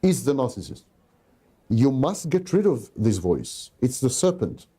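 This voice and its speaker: A man's voice: medium pitch, very animated, unhurried, dark tone, slightly rough. A man giving a talk in a didactic, emphatic way, repeating his key phrases, in a played recording. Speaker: lecturer.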